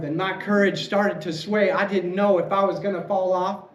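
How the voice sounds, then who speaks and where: A man giving a prepared storytelling speech at a club meeting, animated and playful as he tells a tale. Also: sits high, normal speed, highs cut off, a little hiss or hum. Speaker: club speaker. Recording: echoey room, faint ambience.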